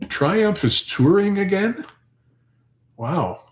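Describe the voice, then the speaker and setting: A man's voice: high voice, sing-song, drawn-out words, reverberant, background noise. A man hosting his homestead channel, chatting casually and answering viewers' comments in a rambling, thinking-aloud way.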